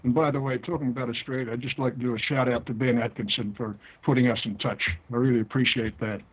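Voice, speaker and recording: An older man with a New Zealand accent, a guest author talking deliberately through an interview. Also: medium pitch, steady tone, husky. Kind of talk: interview over the phone. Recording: tinny phone line.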